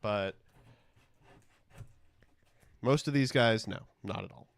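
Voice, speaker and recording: A man's voice: lowish voice, takes it slowly, creaky. A man live-streaming as he opens trading cards, rambling and joking crudely with his chat.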